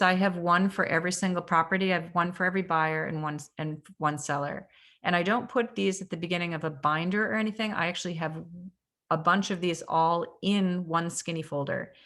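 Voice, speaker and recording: A woman's voice: lowish voice, fairly bright tone. A woman with a Canadian accent, a real estate agent giving a casual training talk over a video call, chatty and asking the audience questions. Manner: conversational, asks the audience questions, frequent ums.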